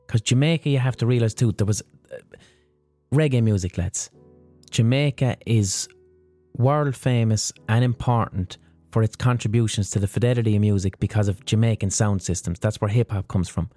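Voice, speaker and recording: A man's voice: fairly low pitch, normal speed, mellow, no room sound, faint music behind. A man hosting a podcast, telling a story in a casual, profane monologue. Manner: profane, storytelling with acted-out quotes. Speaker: podcast host.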